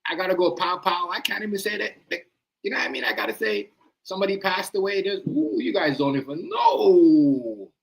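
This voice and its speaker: A man's voice: high voice, big pitch swings, brisk, gravelly, rough recording. A man hosting a live stream, rambling in casual slang and often asking "you know what I mean".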